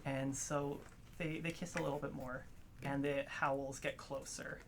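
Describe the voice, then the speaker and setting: A man's voice: mid-range voice, flat delivery, a little slow, gravelly, very noisy. A man narrating a tabletop role-playing game as game master, telling the scene in a storytelling way. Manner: storytelling narration, laughs often with players.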